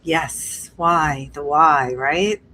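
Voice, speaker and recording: A woman's voice: low voice, steady tone, extremely slow, bright, forceful tone, a little hiss or hum. A woman hosting a podcast interview, asking earnest, searching questions. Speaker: podcast host.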